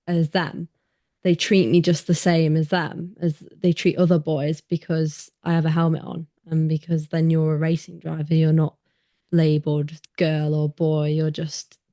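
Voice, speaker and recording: Hesitant young woman hosting, lowish voice. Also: dark tone. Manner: hesitant, many fillers and pauses. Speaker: podcast host, racing driver. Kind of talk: casual interview chat.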